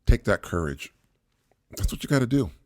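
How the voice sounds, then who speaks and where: A man's voice: lowish voice, very animated, moderate pace, darkish tone, dry recording, clean studio sound. A middle-aged man hosting a solo parenting podcast. He talks in an earnest, repetitive way, laughs often and restarts his sentences. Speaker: podcast host, single father.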